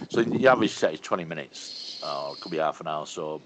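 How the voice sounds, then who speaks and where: A man's voice: very deep voice, expressive, a little fast, background noise. A man, a stand-up comedian telling rambling anecdotes, swearing freely and laughing as he goes. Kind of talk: casual conversational storytelling.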